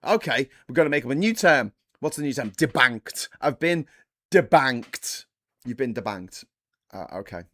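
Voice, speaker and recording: A man's voice: medium pitch, big pitch swings, normal speed, a bit bright, pitched above the performer's own voice. A man doing a mocking impression of a pompous, self-pitying middle-aged male politician who sounds indignant. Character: smug aggrieved male right-wing politician, middle-aged.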